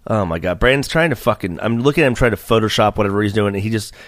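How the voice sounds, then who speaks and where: A man's voice: on the low side, racing, fairly bright tone, no room sound. A man hosting a casual podcast, rambling through stories with lots of fillers and swearing while he bickers with his co-host. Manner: rambling, profane, trails off with fillers.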